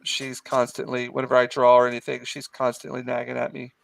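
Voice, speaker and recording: A man's voice: mid-range voice, monotone, a little fast, creaky, no room sound. A middle-aged man hosting a live art stream, chatting casually and hesitantly with fillers while he draws. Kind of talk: casual chat while drawing.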